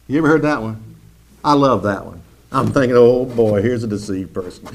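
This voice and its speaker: A male preacher delivering a sermon, animated and mocking as he imitates churchgoers. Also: a little high, normal speed.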